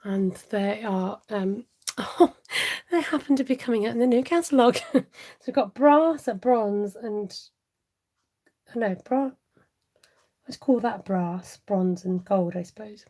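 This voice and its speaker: A woman's voice: mid-range voice, a little slow, warm tone, low-quality recording. A middle-aged woman chatting through a live craft tutorial, laughing often and answering viewers as she works. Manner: chatty, laughing, reads viewer comments aloud. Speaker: stamping craft demonstrator.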